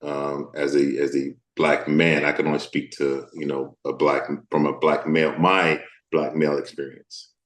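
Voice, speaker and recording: A man from the Deep South of the US, an actor speaking candidly as an interview guest, thoughtful and halting with many fillers. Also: little pitch movement, roomy sound.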